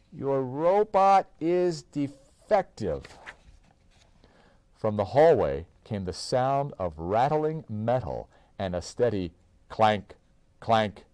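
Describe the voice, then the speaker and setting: Man reading a storybook aloud, animated. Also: sits low, no echo. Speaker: parent reading to his child. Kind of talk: reading a children's book aloud. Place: indoors.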